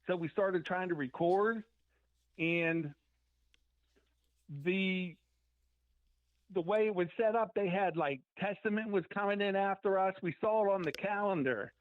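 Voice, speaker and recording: A musician guest in a casual interview rambles through band stories, acting out quotes from memory. He has a high voice, speaks unhurriedly with long pauses, and the dry recording comes through a tinny phone line.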